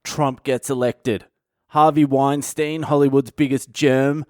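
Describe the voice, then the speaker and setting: A middle-aged man delivers a sardonic comic monologue and swears freely. His voice is smooth and resonant. It is recorded close and dry, with no room sound. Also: mid-range voice, steady tone, a little slow, darkish tone, no room sound. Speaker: comedian podcast host. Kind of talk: comic monologue reading comments aloud.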